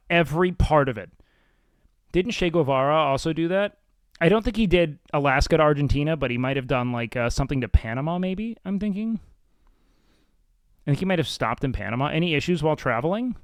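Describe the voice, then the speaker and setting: A man hosts a livestream, reading chat in a blunt, profane, self-mocking way. His voice is smooth and resonant and sits a little high for a man. It is recorded dry and close on the mic, with no room sound. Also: animated, a little fast, dry recording. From Mexican and Salvadoran heritage. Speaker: livestream host. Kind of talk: casual stream chat, reacting and reading chat.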